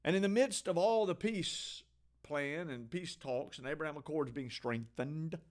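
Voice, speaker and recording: A man's voice: on the high side, unhurried. A man hosting a daily headlines show, reading the news in an offhand, opinionated way with frequent restarts. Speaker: host. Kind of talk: casual news commentary.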